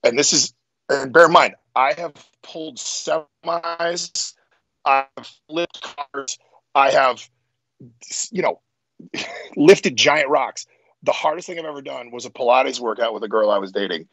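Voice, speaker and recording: A man who is a strongman, a podcast guest telling stories in casual chat, animated and profane. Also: medium pitch, a little slow, no echo, highs cut off.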